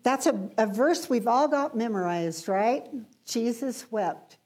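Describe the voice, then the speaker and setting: A woman preaching a sermon, emphatic, rising in intensity and then dropping to hushed lines. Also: a little high, animated, takes it slowly.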